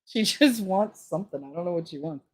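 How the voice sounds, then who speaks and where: A woman's voice: on the low side, animated, brisk, a little mellow. Swearing, rambling woman streamer. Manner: crude, rambling storytelling with frequent swearing. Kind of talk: casual chat.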